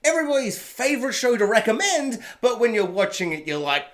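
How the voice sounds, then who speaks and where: A man's voice: very high voice, sing-song, a little fast, a bit bright. A man reviewing a TV episode at home, rambling casually and laughing often at himself. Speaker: TV review vlogger. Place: home room. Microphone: own camera setup.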